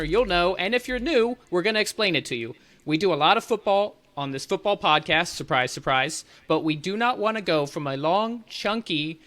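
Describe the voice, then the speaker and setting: A man's voice: high-pitched, sharp tone. A young man hosting a podcast, joking and rambling in casual banter with his co-hosts. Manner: jokey, rambling, laughs often. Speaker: podcast host.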